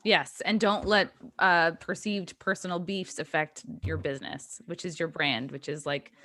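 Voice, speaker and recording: A woman's voice: lowish voice, fairly even intonation, normal speed, bright, forceful tone, no echo. A woman speaking as a podcast guest, thoughtful and hedging with fillers in casual chat.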